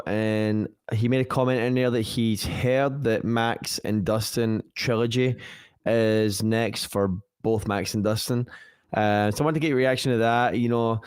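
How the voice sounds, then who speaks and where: A man's voice: medium pitch, fairly even intonation, moderate pace, darkish tone, clear, resonant tone, no room sound, clean studio sound. A man on a podcast reading viewers' chat questions and news to the hosts, speaking hesitantly with plenty of fillers. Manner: hesitant, lots of "you know" and "uh". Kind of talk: casual chat.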